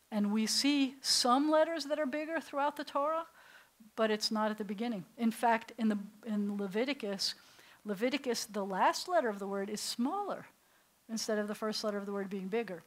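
Brief: American woman rabbi, higher voice, patient storyteller for beginners. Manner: storytelling, explains letters while pointing at a board. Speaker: rabbi teaching a beginner Hebrew class. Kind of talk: informal classroom teaching.

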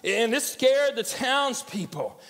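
A man's voice: extremely high pitch, big pitch swings, slow, a bit bright. An older man preaching a sermon as pastor, conversational and joking as he tells stories. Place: church sanctuary. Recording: church hall reverb.

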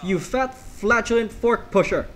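A man voicing a gruff, blustering male army general who barks insults in a mock Russian accent. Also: extremely high pitch, unhurried, a bit bright, slight background noise, pitched above the performer's own voice. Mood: barking insults. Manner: barking insults, bellowing.

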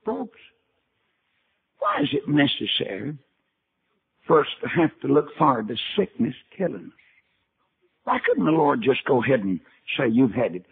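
Folksy older preacher on a tinny recording. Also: male voice, mid-range voice, wildly swooping pitch, moderate pace, creaky, pauses often, husky. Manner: folksy storytelling, acting out Bible dialogue. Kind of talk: sermon. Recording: tinny archival sermon recording.

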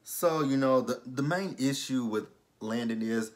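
A man's voice: medium pitch, measured pace. A man recapping and reviewing a TV drama episode in a casual, blunt, sarcastic way, swearing freely and slipping into mock quotes. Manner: lively, slips into mock quotes.

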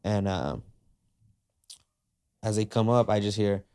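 A man's voice: on the low side, slow pace, mellow, smooth. A man, a podcast guest, retelling a story in slangy casual speech, full of "like" and "uh", acting out the quoted dialogue. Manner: frequent fillers like "like" and "uh".

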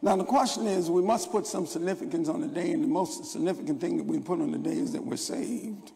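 Older male pastor, high gravelly voice, rambling sermon storytelling, echoing church hall. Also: brisk, warm tone. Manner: rambling storytelling with stammered restarts. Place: church sanctuary. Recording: long church hall reverb.

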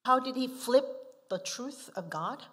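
A woman's voice: high voice, lively intonation, slow. A woman missionary preaching a sermon, asking the congregation rhetorical questions and stressing key words emphatically. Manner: asks the listeners frequent rhetorical questions; emphatic, swinging from soft asides to forceful stresses.

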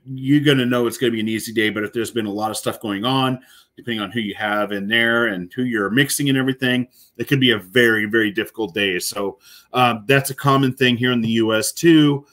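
A man's voice: on the low side, a bit bright. A man, a corrections officer, giving casual, rambling commentary while reacting to a video, with many fillers and restarts.

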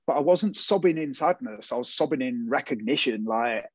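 A man talks casually as an interview guest and tells his story with lively energy, slipping into the voices of the people he quotes. His pitch sits in an ordinary middle range. The recording is dry and slightly muffled. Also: normal speed, slightly rough, no room sound.

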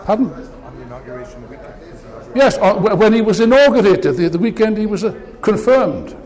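A man's voice: sits high, moderate pace, darkish tone. A man giving an impassioned political speech to an audience, with mocking asides. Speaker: political speaker. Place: large meeting hall. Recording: long reverb of a hall.

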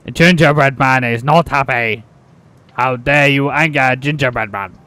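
A man voicing an angry, vengeful gingerbread man who loudly repeats theatrical threats in a game. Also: medium pitch, unhurried, pitched below the performer's own voice. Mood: mock menace.

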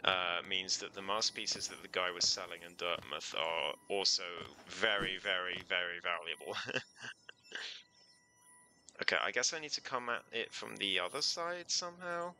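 A man's voice: low-pitched, normal speed, sharp tone, a little hiss or hum, poor audio. A man streaming a video game in casual, playful commentary, thinking aloud and giggling often.

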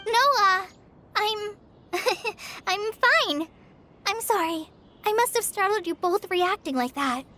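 A woman voicing a sweet, shy young female forest ranger trainee in a video game, talking gently and stammering when flustered. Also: very high voice, slow, full character voice. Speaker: game character. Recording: game cutscene with faint music.

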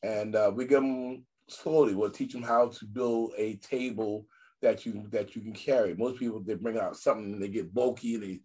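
Husky older man, animated and repetitive. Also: fairly low pitch, moderate pace. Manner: animated storyteller, repeats phrases for emphasis. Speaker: guest magician. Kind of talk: casual chat on a video call.

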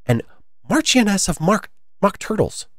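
A man reading a storybook aloud and voicing a timid, anxious little rabbit who speaks in a hushed voice. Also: sits high, sing-song, a little slow, dry recording, clean studio sound, voice pushed up, heavily acted.

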